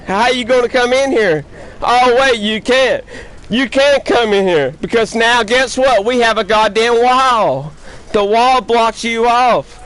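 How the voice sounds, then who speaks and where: A man's voice: extremely high pitch, fairly bright tone. A man ranting at other players during a live game stream, taunting, profane and repeating his jabs over and over. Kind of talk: trash-talking live-stream chat.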